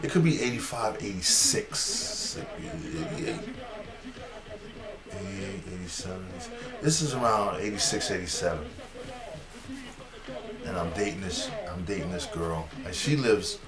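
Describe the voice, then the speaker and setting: A low-voiced man tells a funny neighborhood story in a casual style, animated, laughing at his own tale and acting out voices. The sound is roomy.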